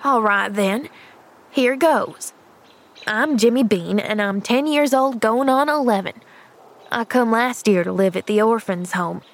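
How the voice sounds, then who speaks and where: A woman's voice: on the high side, a little slow. A woman doing a sulky ten-year-old orphan boy. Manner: mumbling, grudging, rustic slang.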